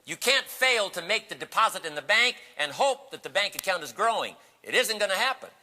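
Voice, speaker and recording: A man delivers a motivational seminar talk with a piercingly bright tone. He tells stories with animation and slips into the voices of the people in them. The recording carries a long hall reverb. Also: high voice, a little fast. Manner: animated storytelling, acting out quoted voices. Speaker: motivational speaker. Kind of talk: seminar storytelling speech.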